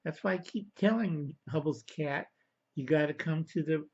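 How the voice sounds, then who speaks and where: A man's voice: fairly high pitch, measured pace, gravelly, breathy edge, highs cut off. A man vlogging a casual political rant, rambling, correcting himself, and angrily calling his viewers kids. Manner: angry, addresses viewers as kids.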